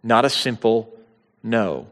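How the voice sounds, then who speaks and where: A man's voice: fairly low pitch, animated, slow pace, a bit bright. Man preaching in a reverberant hall. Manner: conversational teaching with bursts of dramatic quotation. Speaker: pastor. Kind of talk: sermon.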